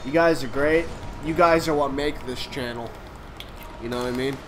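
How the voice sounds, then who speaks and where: A drunk man co-hosting a gaming stream, swearing loudly and getting sentimental with his viewers. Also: mid-range voice, moderate pace, noisy background. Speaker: co-host of a gaming channel. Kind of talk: drunk let's-play banter.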